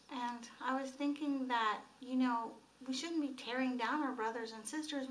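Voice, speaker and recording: A woman playing a high-voiced, earnest church lady. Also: sharp tone, slight background noise, low-quality recording. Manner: hesitant with fillers, then confessional. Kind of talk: church comedy skit.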